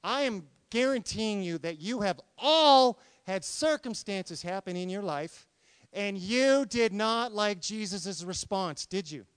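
Lively high-voiced male preacher, crisp and dry. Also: slow, no room sound. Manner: animated, talks to congregation with questions, acts out quotes. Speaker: pastor. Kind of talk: sermon.

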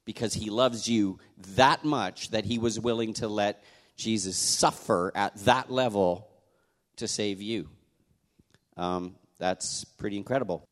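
A middle-aged man, a pastor, preaching a sermon to his congregation, animated and joking with them, his voice leaping high on exclamations. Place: church hall, in front of a congregation.

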